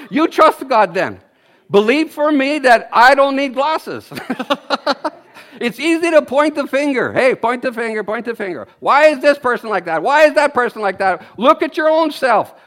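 A man in his fifties preaches at a church service, his voice strikingly high. He talks with bursts of energy, exclaiming and chuckling as he goes. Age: 50s. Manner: energetic, exclaiming, laughing often. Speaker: guest preacher. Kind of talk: sermon.

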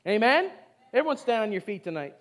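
Male pastor, high voice, conversational exhorting sermon, pushes the room to answer back. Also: big pitch swings, quick pace, fairly bright tone. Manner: exhorting, call-and-response with the congregation; conversational, repeats short phrases. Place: church service before a congregation.

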